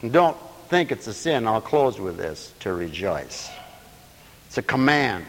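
A man preaching a lively sermon, breaking into laughter and playful asides. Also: normal speed, in a large hall. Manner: animated, swooping pitch, laughing asides.

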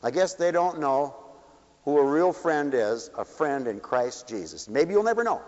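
A man preaching a sermon, swinging from loud declarations to hushed asides. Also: a little high, expressive. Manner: rapid asides to the audience. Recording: dull echoey hall recording.

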